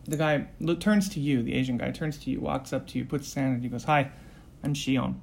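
A man narrating a tabletop role-play as game master, describing the scene in quick, loose speech with fillers. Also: medium pitch, creaky, a little mellow, slight background noise.

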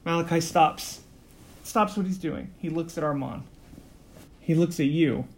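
A man's voice: a little high, a little slow. Man narrating a tabletop game. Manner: casual, loose narration with hedging fillers. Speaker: game master.

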